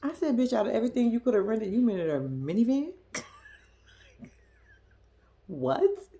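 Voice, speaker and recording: A woman's voice: fairly high pitch, very animated, unhurried, dark tone. A young woman giving a sassy, slangy recap of a reality show, mimicking the cast in squealing voices. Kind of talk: casual recap commentary.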